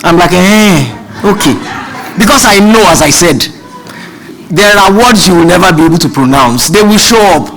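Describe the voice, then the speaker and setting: Nigerian-accented man, high voice, animated comic storyteller at a seminar. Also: brisk, low-quality recording. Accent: Nigerian, mixed with British. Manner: animated, self-mocking. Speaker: seminar speaker. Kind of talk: humorous storytelling speech.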